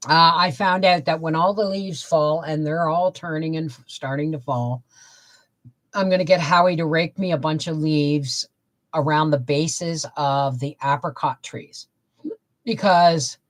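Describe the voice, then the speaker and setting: An older woman hosting a casual live stream, chatting and answering viewer comments as she reads them out. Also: low-pitched. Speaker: homestead livestream host.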